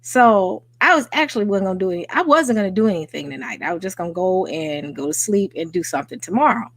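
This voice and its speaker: A woman with a Southern US accent hosting a casual livestream, excitable and chatty though tired after a workday. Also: medium pitch, fast talker, dry recording. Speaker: livestream host. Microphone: home microphone.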